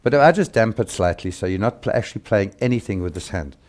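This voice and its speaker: A man's voice: lowish voice, animated, quick pace, darkish tone. An older man teaching guitar in a chatty, casual lesson, showing rhythms by singing syllables.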